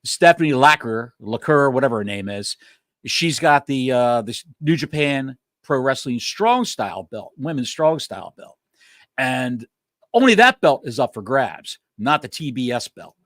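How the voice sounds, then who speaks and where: A man co-hosting a casual podcast, animated and rambling, swearing freely as he rants. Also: medium pitch, moderate pace, no echo. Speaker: podcast co-host.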